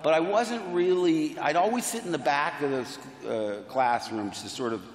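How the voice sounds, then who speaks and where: Playful man in a booming convention hall. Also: crowd noise. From United States. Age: 60s. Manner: playful, enthusiastic, quick asides and self-deprecating jokes. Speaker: convention panel guest. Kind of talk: animated anecdotal storytelling. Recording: roomy hall reverb on PA.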